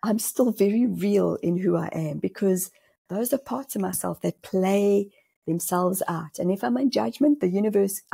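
A South African woman talks as a podcast guest, her voice gravelly and rough with breath. She sounds mellow and warm, mid-pitched, and often breaks into laughter and little acted-out voices. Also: moderate pace. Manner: animated, laughs often, acts out inner voices. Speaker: spiritual medium guest. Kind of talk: podcast conversation.

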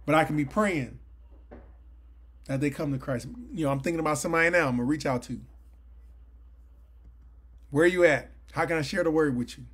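A man's voice: on the high side, fairly quick, long pauses, a bit bright, slightly rough. A man in his late forties giving a Bible study lesson, talking earnestly and conversationally with sudden emphatic bursts. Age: 40s. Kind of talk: sermon-style Bible teaching. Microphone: livestream mic.

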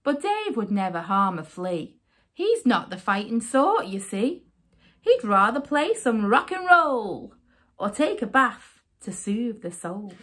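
A woman reading a rhyming children's picture book aloud as a storyteller, with an expressive, sing-song delivery. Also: fairly high pitch, slow.

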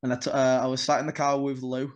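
A man's voice: mid-range voice, fast. Young guy on a podcast, chatty and sweary, plays out every line of the story, voice sits mid-range. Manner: animated, swears freely, acts out dialogue. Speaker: wrestler guest.

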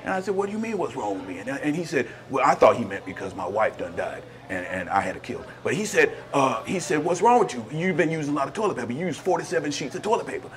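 A man's voice: mid-range voice, very animated, fast, few pauses, close to an everyday voice. A man playing a prison inmate in a sketch comedy monologue, rambling and stammering with indignation.

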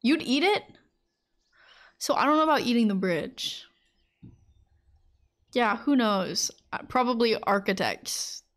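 Gaming live, this woman streamer talks loosely with her chat, full of "like," rambling and playing out small scenes for viewers. Her fairly high voice is animated and unhurried, with long pauses.

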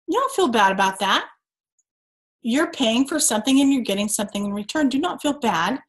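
A woman's voice: sits high, a bit bright. Earnest woman giving a motivational pep talk. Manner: earnest, preachy, emphatic with rhetorical questions. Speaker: team call speaker.

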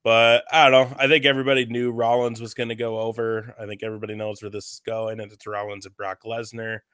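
A man's voice: fairly low pitch, flat delivery, fast talker, a bit bright, clear, resonant tone, no room sound, studio quality. A man co-hosting a casual wrestling talk show, giving his opinions on recent news. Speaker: podcast co-host. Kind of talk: casual chat, wrestling commentary.

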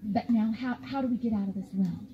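A woman's voice: on the high side, fairly quick, dull audio, background noise, voice pushed down, close to an everyday voice. A woman voicing a foolish, astonished male goat in a spoken children's story, naive and bewildered.

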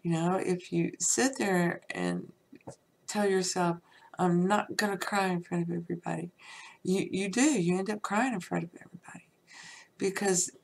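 A woman talks slowly and loosely, teaching spiritual ideas on her podcast. Her voice sits a little low and carries a gravelly fry. She rambles with constant "you know"s and sometimes sinks into a soft near-whisper. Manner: rambling, conversational, frequent "you know" fillers. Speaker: podcast host. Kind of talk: casual spiritual teaching talk.

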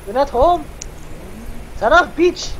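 A man putting on a high, straining voice to play an impatient guy pleading and cursing at a friend's door. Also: expressive, measured pace, a bit bright, a little hiss or hum, exaggerated voice, rough recording. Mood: frustrated. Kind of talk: joking impression on a voice call.

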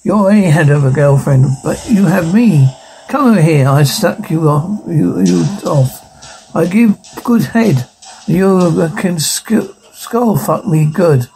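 A man's voice: on the high side, animated, slow, dark tone, soft background music, low-quality recording. An actor playing the mocking evil double of a male hero, lewd and cruel, taunting in a TV horror-comedy.

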